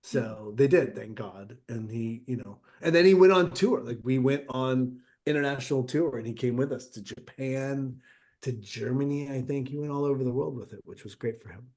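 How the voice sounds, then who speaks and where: A middle-aged man telling stories in a casual interview, acting out quotes with lively shifts. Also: mid-range voice, normal speed. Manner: animated anecdote-telling with acted-out quotes. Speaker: interview guest, actor.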